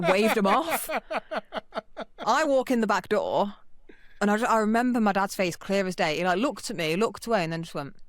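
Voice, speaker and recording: A woman's voice: medium pitch, dry recording. A woman, a podcast co-host telling a childhood story in casual chat, swearing freely and acting out the voices of the people in her story. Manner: animated, swears freely, acts out quoted voices.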